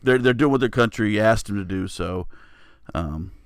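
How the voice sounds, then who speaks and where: A man's voice: fairly low pitch, moderate pace, clean tone, dry recording. Laid-back joking man, dry close mic. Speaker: podcast co-host. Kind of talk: casual chat.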